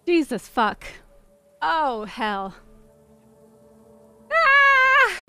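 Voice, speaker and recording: A woman's voice: a little high, sing-song, slow, a bit bright. A woman streaming a game, reacting with jumpy screams, swearing and laughter. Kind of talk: live gameplay reactions.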